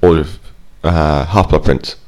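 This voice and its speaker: A man's voice: very deep voice, steady tone, a little slow, background noise. A man co-hosting a podcast, chatting loosely and crudely with plenty of swearing. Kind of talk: casual chat.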